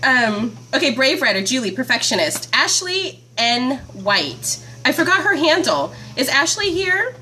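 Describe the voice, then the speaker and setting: Woman host of a live homeschool stream, high and lively voice, chatty and giggly, phone mic at home. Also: measured pace, hardly any pauses, slight background noise. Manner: chatty and bubbly, laughs often, reads out viewer comments. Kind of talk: casual live-stream chat. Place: at home, indoors.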